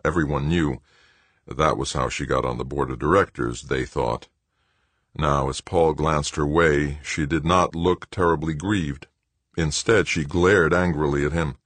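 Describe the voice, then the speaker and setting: A man reading a novel aloud as narrator, in a measured, even storytelling manner. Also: rumbling low, dry recording. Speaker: audiobook narrator. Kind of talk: scripted narration.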